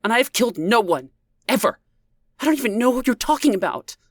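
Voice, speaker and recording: A man's voice: sits high, animated, slow pace, a little mellow, husky, no echo, clean studio sound, voice pushed up, exaggerated voice. A man voicing a desperate, distraught mother who pleads tearfully, as an audiobook character. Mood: frantic.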